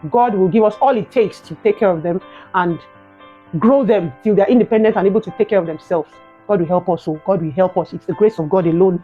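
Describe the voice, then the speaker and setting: A young adult woman with a Nigerian accent, telling a personal story in a vlog, animated and emotional, ending in prayerful encouragement. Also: medium pitch, a little fast, muffled recording, faint music behind. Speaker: vlogger.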